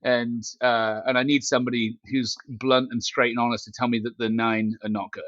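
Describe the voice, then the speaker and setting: A man's voice: medium pitch, little pitch movement, brisk, fairly bright tone, no room sound. A man in a casual interview chat, joking and poking fun at himself as he rambles along with plenty of fillers. His voice comes through a small headset mic built into his glasses, so it sounds a little dull and lo-fi. The recording is dry, with almost no room sound around him. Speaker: company CEO guest. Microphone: glasses-frame headset mic.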